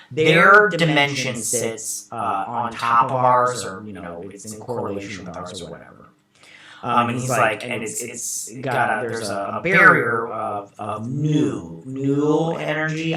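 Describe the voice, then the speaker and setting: A man's voice: medium pitch, roomy sound. A man hosting a casual episode recap, rambling with lots of fillers and restarts. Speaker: show host.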